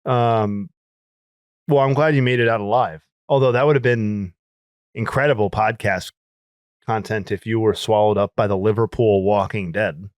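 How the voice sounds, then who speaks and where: A man's voice: lowish voice, normal speed, dry recording. A man co-hosting a podcast, easygoing, asking follow-up questions and musing casually. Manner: easygoing, prompting questions and short agreements. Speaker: podcast co-host. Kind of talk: casual chat.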